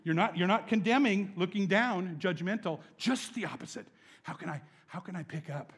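Man, young adult, pastor, sermon, higher voice, animated, hushed to loud. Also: normal speed, slightly rough, big-room sound. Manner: animated, swings between hushed scripture reading and loud laughing emphasis.

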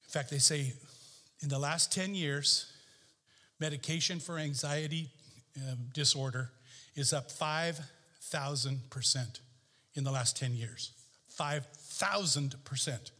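A man preaching a sermon as pastor, emphatic and repeating key phrases, his pitch swinging up and down. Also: takes it slowly, pauses often, bright, forceful tone, in a large hall. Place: church sanctuary.

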